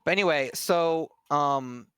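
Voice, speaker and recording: A man's voice: a little high, measured pace, fairly bright tone, smooth, no echo. A man streaming, telling a funny story in casual chat, laughing and restarting often.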